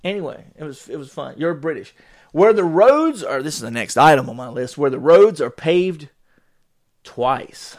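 A middle-aged man telling casual stories as a podcast host, animated and jokey, often laughing through what he says. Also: a little high, moderate pace, no echo, clean studio sound. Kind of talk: casual storytelling monologue.

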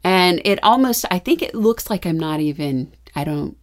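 A middle-aged woman chatting casually about family life. She tells stories in an animated way, laughing as she goes. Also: lowish voice, normal speed. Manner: animated storytelling, frequent laughs. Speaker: mother and co-host. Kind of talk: casual conversation.

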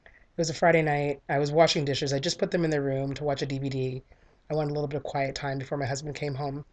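A woman's voice: deep voice, flat delivery, fast, darkish tone. A woman in her thirties giving a candid, earnest talk that tells a personal story in a conversational way. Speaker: speaker sharing a personal story.

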